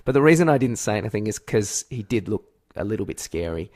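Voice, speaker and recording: Animated Australian man telling rambling stories. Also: on the low side, fast talker. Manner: rambling animated storyteller with loud yelled impressions. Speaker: podcast co-host. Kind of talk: casual comedic chat.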